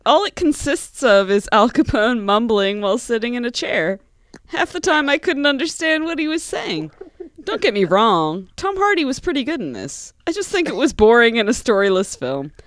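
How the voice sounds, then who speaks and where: A woman reads film reviews aloud on a casual podcast, giggling now and then. Her voice moves lively up and down, and the sound is dry and close. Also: on the high side, moderate pace, no echo. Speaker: podcast co-host.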